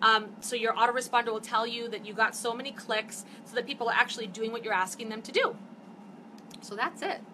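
A woman in her fifties hosts a casual live stream, chatting in a bright, forceful voice that sits a little high. She talks animatedly and gets fired up, with a faint hum of room ambience behind her. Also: a little fast. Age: 50s. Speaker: network marketing host. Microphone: phone or webcam for a live stream.

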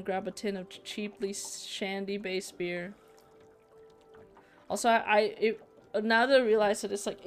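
Woman gamer, reads game narration aloud, casual candid reactions in between. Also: medium pitch. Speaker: let's play gamer. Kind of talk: reading game text aloud with casual commentary.

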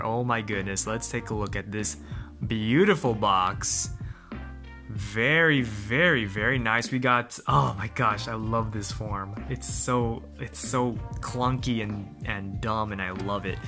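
A man hosting an unboxing vlog, excitable and gushing, full of exclamations. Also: mid-range voice. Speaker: channel host.

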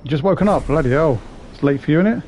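A man's voice: fairly high pitch, lively intonation, quick pace, mellow, a little hiss or hum. A British man streaming a game, chatting casually with viewers, laughing often and joking about himself.

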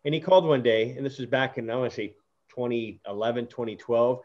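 A man's voice: mid-range voice, brisk. Earnest guy hosting an interview, rambling story with lots of restarts, kinda dull lo-fi sound. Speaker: podcast host. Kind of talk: casual interview chat.

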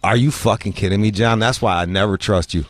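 This podcast host, a man, tells crude, comic stories packed with swearing at a brisk clip. He's profane and animated, slipping into high, squeaky voices to mimic other people.

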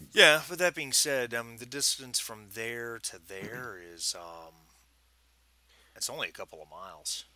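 A man's voice: mid-range voice, a little slow, sharp tone. A man chatting as a player in a tabletop game, laughing easily. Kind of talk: casual tabletop play.

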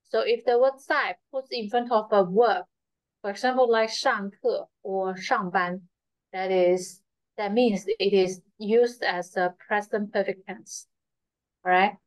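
Slow, patient woman teaching Chinese. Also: mid-range voice, fairly even intonation, no echo. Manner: patient, repeats phrases, frequent fillers. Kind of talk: slow, repetitive online language lesson. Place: school. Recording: slightly dull, dry lo-fi sound.

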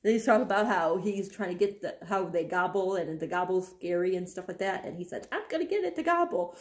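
A woman's voice: fairly low pitch, steady tone, fairly quick. A young woman casually reading passages aloud from a book and chatting about them, breaking into giggles often. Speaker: book vlogger.

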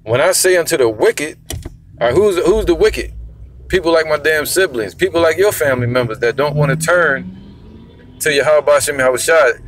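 A man's voice: fairly high pitch, a bit bright, slight background noise. Blunt, emphatic man preaching. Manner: blunt, cursing, emphatic, reads scripture slowly. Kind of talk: street-style preaching with scripture reading.

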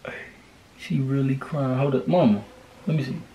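A man's voice: medium pitch, normal speed, dark tone, slight background noise. A young man co-hosting a casual couple challenge video, slangy and profane, coaxing and reassuring his partner. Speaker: vlogger co-host.

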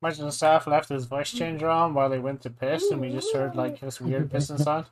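Joking streamer man, a little high. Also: big pitch swings, brisk. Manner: joking, laughs often. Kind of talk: casual gaming chat.

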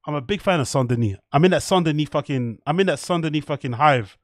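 A man's voice: fairly high pitch, fast, no echo, clean studio sound. A man hosting a live stream, rambling and swearing as he reacts to a fight and reads out chat. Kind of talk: casual live-stream commentary.

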